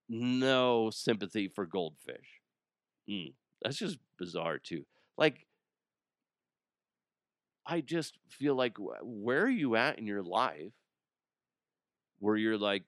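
A man's voice: mid-range voice, fairly bright tone, no echo, studio quality. A middle-aged man hosting a podcast, chatting casually, laughing often and swearing freely. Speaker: podcast host. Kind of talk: casual solo chat.

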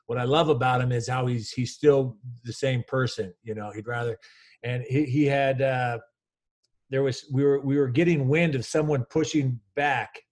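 Energetic man in his fifties. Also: medium pitch, normal speed. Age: 50s. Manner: energetic, rambling with frequent restarts. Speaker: college basketball coach, guest. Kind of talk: casual storytelling interview.

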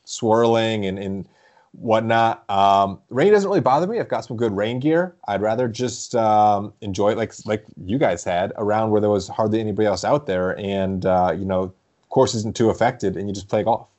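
Young dude, lowish voice, rambly and animated, laughs mid-story, just chatting. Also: male voice, moderate pace. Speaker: podcast co-host. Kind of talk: casual chat.

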